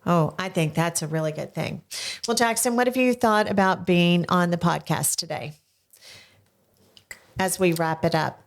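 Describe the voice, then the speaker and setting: An older woman hosting a podcast, chatting with a child and coaxing him along with slow, gentle questions. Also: lowish voice. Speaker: podcast host interviewing her grandson. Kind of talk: casual interview chat. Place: small home podcast studio.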